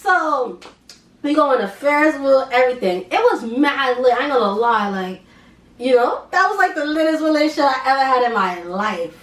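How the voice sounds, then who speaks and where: A young woman vlogger telling a casual storytime, slangy and animated, laughing as she goes. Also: high-pitched, normal speed, roomy sound, distant mic. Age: young adult.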